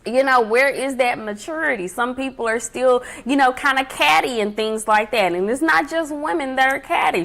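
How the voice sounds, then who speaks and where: A woman talks straight to her livestream viewers from home, handing out life advice in a chatty, emphatic way. Her voice sits a little high, and she drives her points home by saying them again. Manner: emphatic, repeats key points, chatty and animated. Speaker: livestream host. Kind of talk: casual livestream talk giving life advice.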